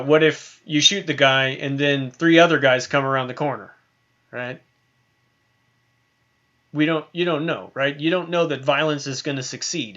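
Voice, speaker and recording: Bright-voiced man teaching casually. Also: mid-range voice, muffled recording. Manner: conversational, many tag questions and fillers. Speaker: Bible teacher. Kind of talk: recorded online lesson.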